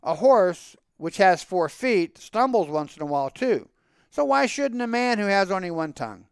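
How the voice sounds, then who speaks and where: A poor, good-humoured milkman speaks in folksy sayings and proverbs, as a man reads his lines. His voice is high and animated, with a smooth, resonant tone. It is recorded close and dry. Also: moderate pace, no room sound.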